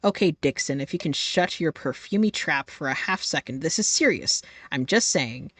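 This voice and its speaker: A woman's voice: deep voice, animated, normal speed, fairly bright tone, no room sound. A young adult woman streaming a game live, reading its text aloud in a profane, playful way.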